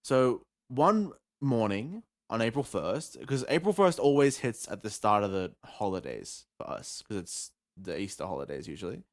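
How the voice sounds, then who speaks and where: A man's voice: fairly low pitch, very animated, moderate pace, hardly any pauses. A young man co-hosting a podcast, telling a story in casual chat with rambling, swearing and bursts of laughter. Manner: rambling, profane storytelling that grows loud and laughing. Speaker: podcast co-host. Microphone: headset or desk mic at a computer.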